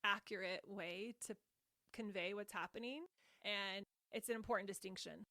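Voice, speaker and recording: Woman, expressive, emphatic, easy laughter, dry close-miked sound, podcast chat. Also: mid-range voice, normal speed, no room sound. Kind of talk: podcast conversation on parenting.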